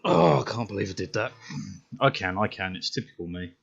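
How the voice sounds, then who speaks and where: A British man with a fairly low voice streams a racing game and talks through it. His chat is casual, self-mocking and full of swearing. The audio is dull and lo-fi. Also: very animated, a little fast, gravelly. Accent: British English. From Britain. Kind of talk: casual gameplay commentary.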